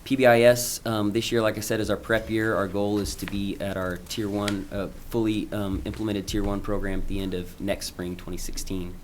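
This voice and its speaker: A man with a very low voice gives a school update at a board meeting. He talks informally, stopping and restarting with plenty of ums. A faint hiss sits under his voice. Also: little pitch movement, a little fast, few pauses. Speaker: school principal presenting to a school board. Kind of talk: presentation at a public meeting.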